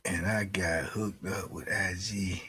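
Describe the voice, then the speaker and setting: A man's voice: deep voice, steady tone, slow pace, bright, forceful tone, breathy edge. A man hosting a live stream in casual chat. He laughs often and keeps asking "you dig?". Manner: laid-back slang talk, laughs often, asks "you dig?".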